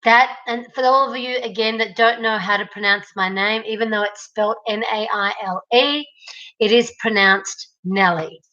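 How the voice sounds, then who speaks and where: A woman's voice: a little high, fairly even intonation, normal speed, bright, forceful tone, dull audio. A woman chatting casually with viewers of her home livestream, talking straight to them through a laptop mic. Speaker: livestream host. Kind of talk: casual live-stream chat. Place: at home, moving between rooms.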